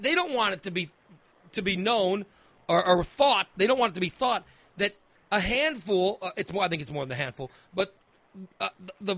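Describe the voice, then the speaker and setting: A male talk radio host who argues emphatically, circling back over his own phrases as he pushes his point. His voice sits high and sounds bright and forceful. The studio sound is dry and close. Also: dry recording. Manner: emphatic, argumentative, repeats phrases. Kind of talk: opinionated talk radio debate.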